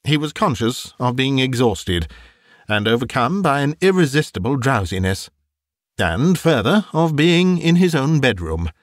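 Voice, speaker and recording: A man narrating a classic novel in an expressive, measured storytelling style. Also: mid-range voice, dry recording, studio quality. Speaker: audiobook narrator.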